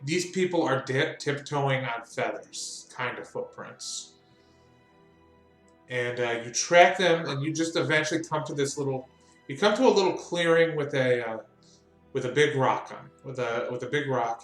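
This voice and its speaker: A man running a tabletop game as game master, describing scenes at an unhurried pace with fillers. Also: medium pitch, a bit bright, echoey room.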